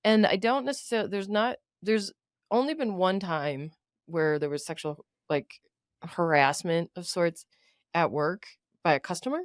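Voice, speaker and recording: A woman's voice: on the low side, moderate pace, dry recording, clean studio sound. A woman in her thirties co-hosting a podcast, chatting casually, laughing often and acting out other people's lines. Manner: laughs often, acts out coworkers' lines in funny voices. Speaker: podcast co-host. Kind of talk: casual chat.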